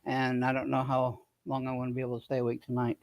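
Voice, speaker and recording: A man's voice: mid-range voice, monotone, fast talker, vocal fry. A man hosting a casual livestream chat, greeting viewers by name, tired and in pain. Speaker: livestream host.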